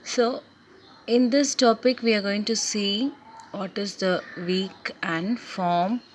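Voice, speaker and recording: Slow, deliberate woman teaching a lesson. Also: medium pitch, a little hiss or hum. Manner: slow and deliberate, repeats key points. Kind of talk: recorded English lesson.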